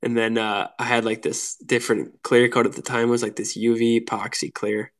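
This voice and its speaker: A man from Minnesota chats as a podcast guest, telling stories with lively energy. He laughs easily and keeps dropping "like" between his phrases. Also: mid-range voice, normal speed. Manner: animated, laughing, lots of "like" fillers. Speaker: podcast guest, lure builder. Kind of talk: casual storytelling chat.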